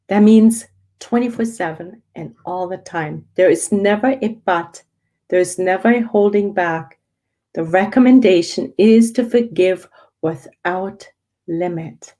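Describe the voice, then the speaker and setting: A woman's voice: on the low side, mellow, low-quality recording. A woman hosting an online spiritual study group, reading passages and adding emphatic, reflective commentary. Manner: slow, emphatic, reflective delivery.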